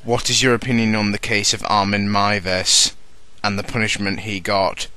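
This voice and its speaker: Deep bright-toned man reading questions. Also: flat delivery, moderate pace, clear, resonant tone. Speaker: question asker.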